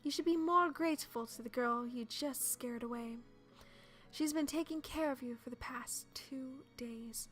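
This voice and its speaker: A woman voicing a snide female witch who taunts slowly and sneers in a game playthrough. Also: high-pitched, fairly bright tone, faint music behind.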